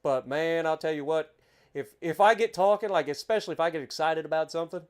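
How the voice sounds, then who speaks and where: A man with an Appalachian accent giving chatty, excitable commentary while playing a driving game. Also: on the high side, fast talker. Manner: chatty, easily excited, exclaims at scenery. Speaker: game streamer. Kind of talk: casual gameplay commentary.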